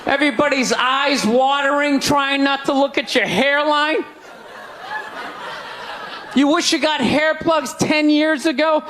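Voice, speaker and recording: A man doing a stand-up comedy rant, loud and incredulous, often shouting. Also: very high-pitched, fairly even intonation, a little slow, some chatter behind, a little hiss or hum. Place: stage before a live audience. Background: audience laughter.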